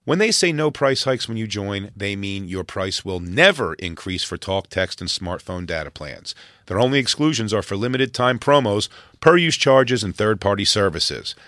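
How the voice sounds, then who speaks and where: Podcast host doing an upbeat ad read, dry studio sound. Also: male voice, animated, normal speed, fairly bright tone, dry recording. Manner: upbeat sales pitch.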